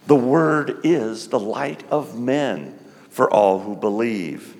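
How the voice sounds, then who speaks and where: Slow, emphatic male preacher. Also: creaky, big-room sound. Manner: slow, emphatic, lively pitch. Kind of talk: sermon.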